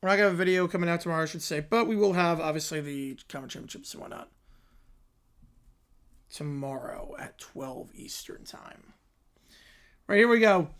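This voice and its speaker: A man's voice: a little high, a little fast, pauses often, fairly bright tone. A man hosting a live sports reaction stream, chatting casually and rambling as he repeats himself. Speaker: livestream host.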